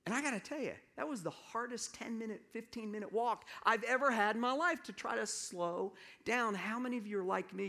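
A pastor from the American South preaching a sermon, telling a personal story in a relaxed, conversational way with halting restarts and asides to the congregation. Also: male voice, fairly high pitch.

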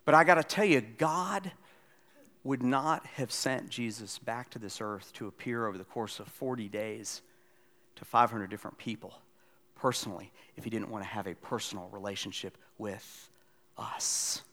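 A man in his forties preaching a sermon as pastor, moving between loud, lively storytelling and quiet, almost whispered appeals. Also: on the low side, normal speed. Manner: swings from loud excited storytelling to hushed, near-whispered pleading.

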